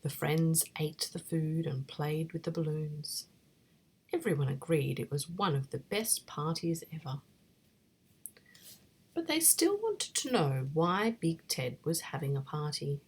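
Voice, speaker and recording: A woman reading a bedtime story in a soft, breathy whisper. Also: sits low, expressive, takes it slowly, pauses often.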